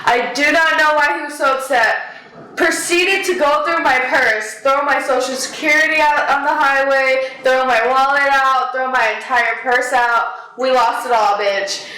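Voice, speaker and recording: A young woman casually telling a story on a podcast, animated, swearing often and laughing. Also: sits high, measured pace, echoey room, rough recording. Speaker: podcast co-host.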